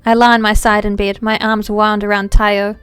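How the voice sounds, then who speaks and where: A woman reading aloud as a young woman character who is flustered, in slow, measured narration. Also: mid-range voice, flat delivery, a bit bright, clean tone, soft background music, natural voice. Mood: wistful. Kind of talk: reading game text aloud.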